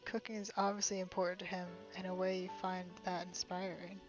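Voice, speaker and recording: A woman's voice: fairly low pitch, level tone, brisk, muffled recording, music in the background. Incredulous, laughing young woman streamer. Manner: incredulous, laughing, sweary reactions. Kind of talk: live game playthrough with reading aloud.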